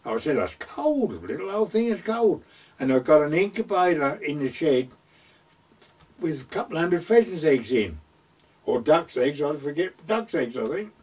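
A man's voice: on the high side, big pitch swings, moderate pace, darkish tone, husky, recorded from a distance. An older man casually reminiscing in a rambling retelling, repeating "I said" and "he said.". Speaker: storyteller.

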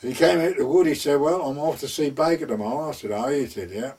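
An older man with a husky voice telling a long, rambling oral-history story in plain rural dialect, full of "he said, I said.". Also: mid-range voice, quick pace, a little mellow. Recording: voice far from the mic.

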